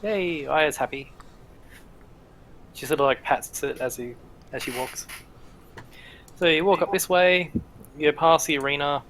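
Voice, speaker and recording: A man's voice: fairly high pitch, a little slow, long pauses, a bit bright, a little hiss or hum, poor audio. A man narrating as game master in a tabletop game, loose and rambling with lots of "sort of" and "like".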